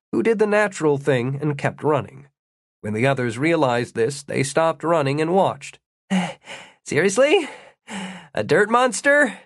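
A man narrating an audiobook in a steady, wry storytelling manner, slowing down for the descriptive passages. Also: a little high, no room sound, clean studio sound. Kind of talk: scripted narration.

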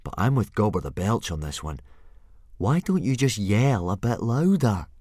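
A man's voice: on the low side, big pitch swings, normal speed, warm tone, no room sound. A man voicing a wry young boy who drawls his remarks. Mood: drawling. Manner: mock-fierce then drawling and dry.

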